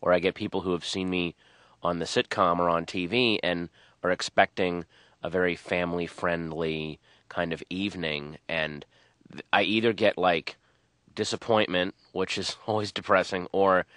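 A comedian in his thirties talks on a radio show, rambling through his stories and acting out the voices in them. His voice is low but has a bright edge. The studio sound is dry and close. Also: measured pace, no room sound. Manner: rambling, animated storytelling with quoted voices. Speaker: stand-up comedian guest. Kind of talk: radio interview.

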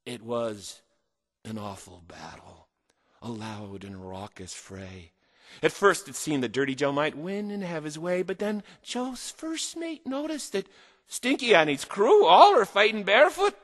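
A man reads a rhyming tale with lively, swooping pitch, dropping to a hush and then booming out. His bright, forceful voice rings with long reverb as in a hall. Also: a little slow. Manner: theatrical, sing-song. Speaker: storyteller. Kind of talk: rhyming story reading.

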